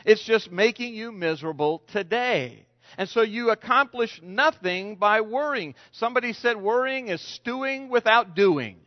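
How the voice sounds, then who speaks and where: A man's voice: sits high, animated, moderate pace. A man preaching a sermon, telling stories with restarts and acted-out quotes. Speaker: pastor. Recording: dull lo-fi sound with long reverb.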